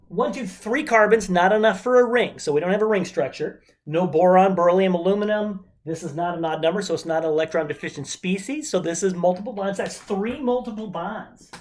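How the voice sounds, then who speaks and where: A woman's voice: mid-range voice, a little mellow, slight background noise. A woman teaching a chemistry lesson remotely in a chatty way, with joking asides while she counts aloud. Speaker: chemistry instructor. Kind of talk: casual remote lecture.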